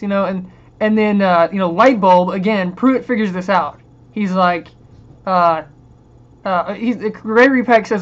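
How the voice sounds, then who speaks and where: A man's voice: sits high, normal speed, dull audio. A man giving a casual, rambling movie rant, chuckling often and dropping sarcastic asides. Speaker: movie reviewer.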